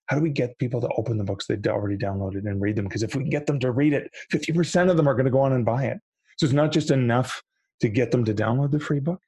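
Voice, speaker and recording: Husky-voiced man chatting animatedly. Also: mid-range voice, quick pace, dry recording. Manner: animated, acts out quoted voices, frequent restarts. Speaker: podcast guest, publishing industry veteran. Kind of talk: casual podcast conversation.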